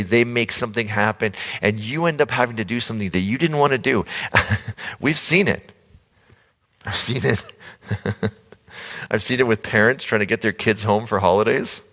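Guy preaching on a stage mic, joking storytelling, long echo in the hall. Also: on the low side. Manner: conversational, playful storytelling with sudden loud bursts. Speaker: pastor. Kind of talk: sermon. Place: large church hall. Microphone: handheld stage mic.

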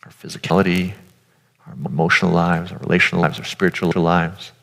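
A man's voice: low-pitched, steady tone, fairly quick, gravelly, a bit bright. A man giving an earnest, informal sermon, speaking directly to his audience. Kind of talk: conversational sermon. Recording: long hall reverb.

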